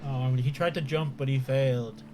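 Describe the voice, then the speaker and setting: A man's voice: mid-range voice, steady tone, moderate pace, over music. A man chatting casually on a live stream, talking with his mouth full and laughing often.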